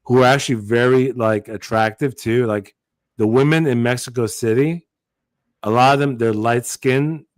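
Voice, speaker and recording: A man's voice: medium pitch, normal speed, no room sound. A man co-hosting a podcast, talking bluntly and with lots of swearing, with a lyrical bounce in his voice. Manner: blunt, profane, rambling. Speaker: podcast co-host. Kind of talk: casual podcast banter.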